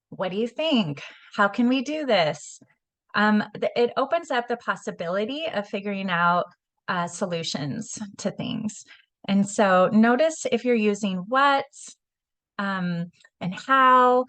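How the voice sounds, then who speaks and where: A woman's voice: medium pitch, a bit bright. Casual woman teaching an online class. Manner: casual, conversational, frequent ums and restarts. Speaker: communication skills instructor.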